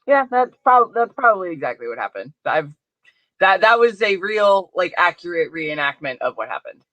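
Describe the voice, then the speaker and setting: A woman co-hosting a casual true-crime podcast, wry, sometimes breaking into shrill impressions. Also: very animated, moderate pace, a bit bright, no echo. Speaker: podcast co-host.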